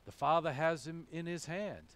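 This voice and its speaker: Man, pastor, sermon, emphatic, asks and answers own questions, fairly high voice. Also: normal speed, a bit bright.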